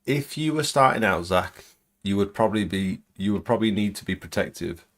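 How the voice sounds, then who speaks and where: Man, deep voice, laid-back, casual livestream chat. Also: lively intonation, fairly quick. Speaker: pressure washing business owner and stream host.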